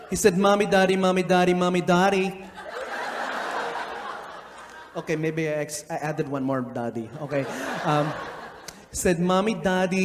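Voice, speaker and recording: A man's voice: high-pitched, slight background noise, close to an everyday voice. A man on stage playing a flamboyant, bossy male teacher who emcees a graduation, with a theatrical, swooping delivery and scolding asides. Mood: gossipy. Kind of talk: live stand-up character comedy. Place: live stage show in a large hall. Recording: echoey hall with loud audience. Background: crowd laughing and reacting.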